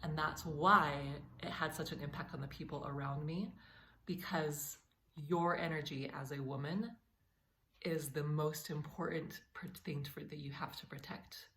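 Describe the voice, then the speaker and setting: A woman's voice: low-pitched, fairly bright tone, slight background noise. A woman vlogger talking to camera in an earnest, encouraging way, speaking straight to her viewers. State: a little emotional. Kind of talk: heartfelt talk to camera.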